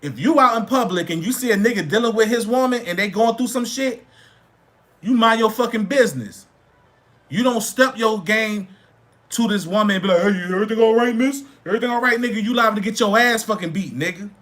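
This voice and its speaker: A man's voice: high voice, fairly quick, a bit bright. A man hosting a livestream, lecturing his viewers in a blunt, profane way and repeating phrases for emphasis. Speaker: livestream host. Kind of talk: casual live-stream rant.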